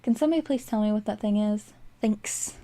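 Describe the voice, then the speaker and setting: Young woman, mellow warm voice, rambling chatty game commentary, sleepy. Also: mid-range voice, brisk. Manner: rambling, chatty, with frequent fillers and little laughs. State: sleepy, yawning. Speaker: game building vlogger. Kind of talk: casual voice-over commentary while building. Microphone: desk microphone.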